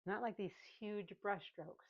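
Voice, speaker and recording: A woman's voice: medium pitch, measured pace, highs cut off. A woman chatting casually while she paints, laughing often and talking to herself. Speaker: painting vlogger.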